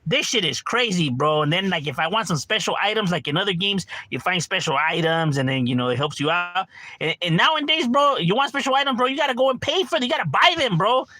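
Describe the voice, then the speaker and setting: A man's voice: sits high, lively intonation, fast talker, sharp tone, dry recording. A middle-aged man streaming a game from home, ranting casually with lots of profanity and constant "bro.". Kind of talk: casual livestream rant.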